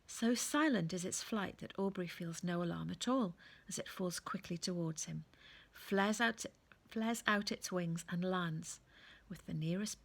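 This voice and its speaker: A woman reading a children's book aloud in a gentle, often hushed storytelling manner. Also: medium pitch, vocal fry, slightly rough.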